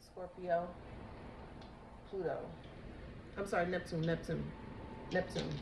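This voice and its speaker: A woman giving a psychic tarot reading, halting and emotional, repeating herself as she talks. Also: on the low side, steady tone, vocal fry. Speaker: tarot reader. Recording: echoey room with background noise.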